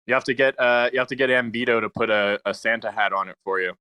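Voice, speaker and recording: A man in casual chat, excitable and repeating words as he pitches ideas. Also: quick pace, smooth, no room sound.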